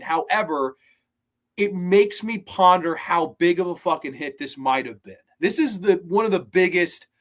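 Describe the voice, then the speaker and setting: A young man in his twenties talks through a film review in a loose, casual way. He sounds enthusiastic and swears freely. His voice sits a little higher than most men's. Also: fairly bright tone. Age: 20s. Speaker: movie reviewer.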